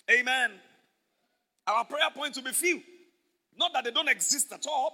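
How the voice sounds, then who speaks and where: A man's voice: very high-pitched, lively intonation, moderate pace, pauses often, pushed and bright. A male pastor preaching a sermon, emphatic and repetitive, calling out to the congregation for responses. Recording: reverberant hall.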